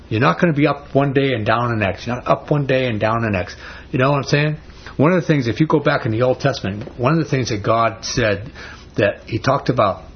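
A man's voice: mid-range voice, slightly rough, muffled recording. A man teaching a Bible study in a conversational, emphatic sermon style with frequent restarts.

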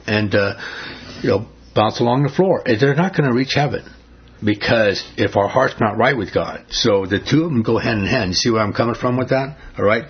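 A man with a lowish, husky voice leads a small Bible study. He talks in a conversational way, quizzing the group and retelling scripture in plain speech. The recording is muffled and lo-fi. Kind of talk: informal Bible study teaching.

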